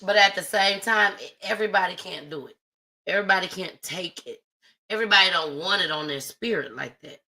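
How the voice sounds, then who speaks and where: Woman running a live stream, really bright sharp voice, chatty and heartfelt, talks right to the viewers. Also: on the low side, a little fast, rough recording. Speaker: livestream host. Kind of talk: casual livestream talk.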